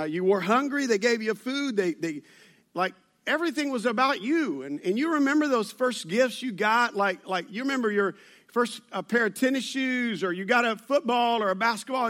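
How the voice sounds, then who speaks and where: At a church service, a pastor with a drawl preaches in a high, light, slightly bright voice. He speaks conversationally with his congregation and teases them with jokes.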